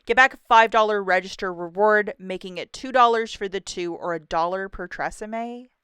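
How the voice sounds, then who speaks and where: A woman's voice: mid-range voice, moderate pace, a bit bright, smooth, no echo, clean studio sound. A woman hosting her own couponing channel, walking through the week's store deals in a bubbly, chatty, upbeat way. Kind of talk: deal rundown vlog.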